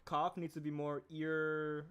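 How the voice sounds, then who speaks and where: A young man chatting casually on a livestream while he animates, rambling and reading chat aloud, clearing a throat that keeps tickling. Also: fairly high pitch, monotone, slow, crowd noise. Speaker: animator streaming his work.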